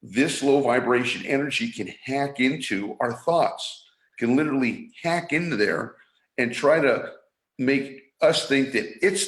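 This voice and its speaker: A man's voice: creaky, a bit bright. Man teaching about energy, echoey room. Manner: acts out anxious inner voices in higher pitch. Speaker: energy awareness mentor. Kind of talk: motivational teaching talk. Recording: roomy echo.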